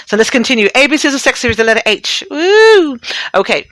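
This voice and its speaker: A woman's voice: high-pitched, big pitch swings, fairly quick, a bit bright, dry recording. A middle-aged woman hosting a talk radio show, chatting bluntly and profanely and laughing often as she reads and riffs.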